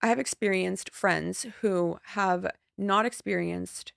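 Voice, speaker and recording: A woman's voice: medium pitch, fairly even intonation, creaky, no echo, clean studio sound. A woman in her thirties hosting a podcast, talking in a heartfelt, emotional way about friends and loss. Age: 30s. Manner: emotional, heartfelt, quick to tears. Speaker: podcast host. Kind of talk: casual chat.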